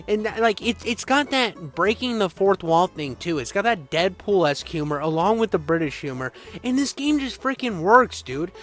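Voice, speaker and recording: A young man giving an excitable, crude, slang-filled game retrospective in casual rambling style. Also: high-pitched, moderate pace, hardly any pauses. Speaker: game reviewer.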